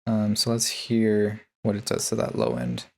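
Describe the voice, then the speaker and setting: A man talking through his bass mixing chain in a casual tutorial, laid-back and full of ums and uhs. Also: sing-song, normal speed, creaky. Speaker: music producer.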